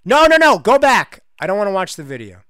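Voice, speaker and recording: A man riffs through game listings with a sarcastic edge, his pitch leaping wildly between mumbled asides and shouted exclamations. The recording is dry and close to the mic, with no room sound. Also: big pitch swings, a little fast, smooth, no echo. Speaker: gaming channel host. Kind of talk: casual let's-play commentary.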